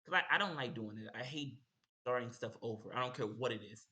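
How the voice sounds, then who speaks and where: A man's voice: medium pitch, brisk, sharp tone. A young man telling a casual story as a streamer host, rambling and repeating himself. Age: young adult.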